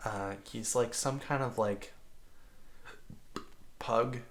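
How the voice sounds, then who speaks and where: This podcast co-host is a man with a medium-pitched voice who speaks slowly over a faint hiss or hum. He tells casual stories in a rambling way, packed with "like" and restarts.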